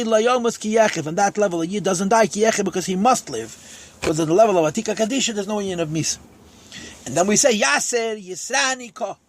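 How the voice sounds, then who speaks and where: A man's voice: high-pitched, breathy edge. A man teaching a lesson on Psalm verses, quoting each verse in Hebrew and then explaining it in English. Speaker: Torah teacher.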